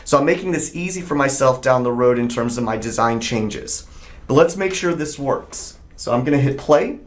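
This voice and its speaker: A man of ordinary middle pitch talks through a software tutorial while he works on screen. He explains each step plainly and conversationally, thinking out loud as he clicks along. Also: expressive, moderate pace.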